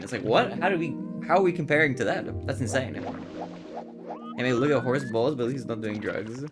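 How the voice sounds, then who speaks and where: A man's voice: mid-range voice, fairly quick. Young guy on a livestream, giggly and rambly, super bouncy voice, game music going behind him. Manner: giggly, rambling and animated, often laughing. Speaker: streamer. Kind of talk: casual live-stream chat. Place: his bedroom, on camera.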